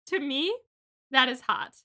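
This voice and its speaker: A young woman co-hosting a casual book podcast, chatty and animated as she recaps chapters and swears now and then. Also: high voice. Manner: chatty, swears, acts out quotes. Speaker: podcast co-host. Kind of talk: casual book-club chat.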